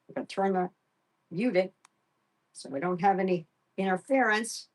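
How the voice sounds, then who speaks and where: A middle-aged woman hosting a home live stream, softly sweet-talking her pet and chatting casually with viewers. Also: medium pitch, moderate pace, pauses often. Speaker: pet livestream host.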